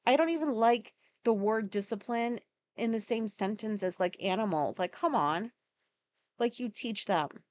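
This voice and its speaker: A woman's voice: a little high, measured pace. A woman hosting a podcast, talking through her day in a rambling, casual monologue full of fillers and swearing. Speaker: podcast host.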